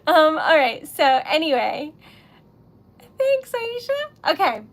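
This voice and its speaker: A woman's voice: high voice, big pitch swings, slow pace. A woman hosting a casual craft livestream, chatty and easily flustered, laughing often. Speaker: livestream host making wax seal stickers.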